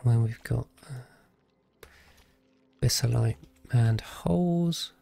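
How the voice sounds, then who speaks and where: A man's voice: medium pitch, very slow, gravelly, mellow, no echo. A man streaming a video game live, thinking aloud and chatting casually with his viewers as he plays. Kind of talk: casual live gameplay commentary.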